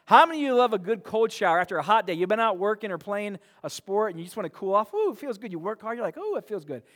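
Pastor, male, slightly high voice, chatty sermon delivery, long church reverb. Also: fast talker, a bit bright. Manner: conversational, repeats and restarts, mimics bored voices. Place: church sanctuary.

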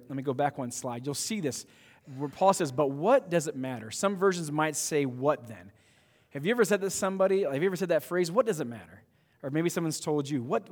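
A man's voice: a little high, big-room sound. A man preaching a sermon as pastor, praying and then telling a story in a conversational way with frequent restarts.

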